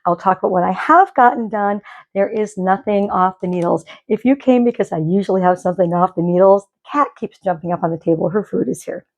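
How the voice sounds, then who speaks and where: A woman's voice: medium pitch, brisk, highs cut off. A middle-aged woman from Michigan, rambling in casual chat as the host of a knitting podcast at home. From Michigan, USA. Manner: chatty, rambling, self-correcting.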